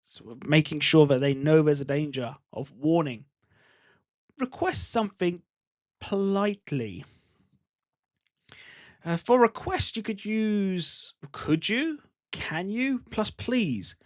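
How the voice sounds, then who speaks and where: The voice is medium-pitched, sing-song and slow, captured in a dry, dull lo-fi recording. It belongs to an English teacher giving a patient online grammar lesson who repeats example sentences.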